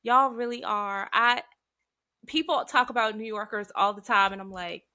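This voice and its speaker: A woman with a Southern accent hosting a podcast in casual chat, bubbly and animated, acting out quotes as she tells stories. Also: mid-range voice, normal speed. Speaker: podcast host.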